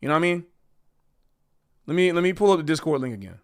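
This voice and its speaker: Earnest, rambling man with high voice. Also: sing-song, fast talker. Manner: earnest, rambling, repeats himself. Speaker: streamer and jazz educator. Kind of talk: casual livestream monologue.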